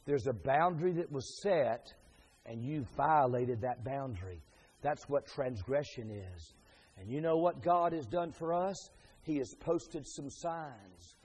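Man, pastor, preaching a sermon; higher-pitched voice, dynamic delivery from hushed asides to loud peaks. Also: slightly rough. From Pennsylvania, USA.

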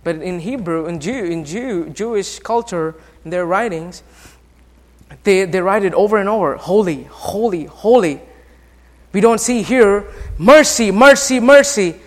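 Fervent high-voiced male preacher in a reverberant hall. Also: lively intonation, measured pace. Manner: preaching that swells from hushed to loud and fervent; asks the congregation questions. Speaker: pastor. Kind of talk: sermon. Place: church.

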